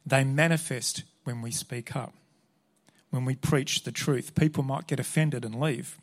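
A man's voice: medium pitch, fairly even intonation, unhurried. A man preaching a sermon, earnest and emphatic as he reads Scripture and drives his points home. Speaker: pastor.

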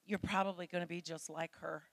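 A woman's voice: on the low side, steady tone, brisk, gravelly, no echo. A middle-aged woman preaching a sermon to women, earnest and pleading as she speaks straight to her listeners.

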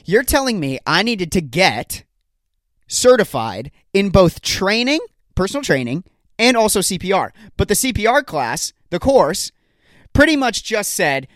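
Rambling exasperated young podcast host. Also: male voice, sits high, very animated, a little slow, fairly bright tone, no echo, clean studio sound. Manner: rambling, exasperated, self-deprecating storytelling. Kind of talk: solo comedic podcast rant. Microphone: studio podcast microphone.

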